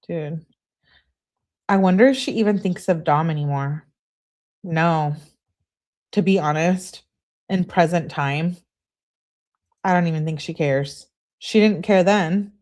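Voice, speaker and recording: A woman's voice: lowish voice, slow, long pauses, a little mellow. A woman giving casual true crime commentary with blunt, sarcastic asides while reading texts and chat comments.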